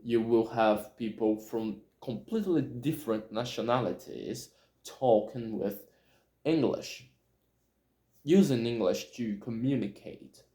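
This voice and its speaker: Male solo podcaster, second-language English speaker, unhurried and hesitant, recorded in an echoey room. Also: mid-range voice, warm tone. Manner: halting, frequent fillers and restarts. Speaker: podcast host. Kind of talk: casual solo monologue.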